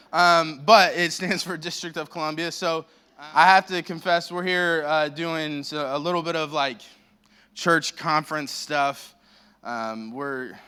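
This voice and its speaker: American male guest pastor, higher voice, crisp and clear, wry rambling humor, handheld mic in church. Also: sharp tone. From United States. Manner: self-deprecating, joking and rambling. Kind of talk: sermon. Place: church sanctuary. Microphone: handheld microphone.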